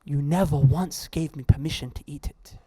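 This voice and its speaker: A humble, honest gardener, voiced by a preacher during a story, giving plain, quiet answers. The voice stays close to the preacher's own everyday tone. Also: male voice, a little high, moderate pace, husky, dry recording, pitched below the performer's own voice. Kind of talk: storytelling in a sermon.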